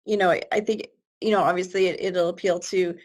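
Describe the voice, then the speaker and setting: A woman interviewing an author, praising the book in a halting way. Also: fairly low pitch, steady tone, darkish tone. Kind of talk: casual interview chat.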